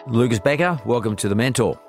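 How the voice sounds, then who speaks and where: A man's voice: medium pitch, animated, quick pace, a little mellow, soft background music. A man hosting a podcast interview, asking curious, probing questions into a close studio mic. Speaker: podcast host. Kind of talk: interview chat.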